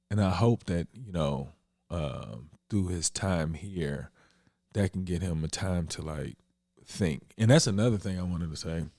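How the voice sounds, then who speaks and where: Deep, mellow-voiced man speaking candidly. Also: no echo, clean studio sound. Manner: candid, searching, with frequent fillers. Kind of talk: reflective casual conversation.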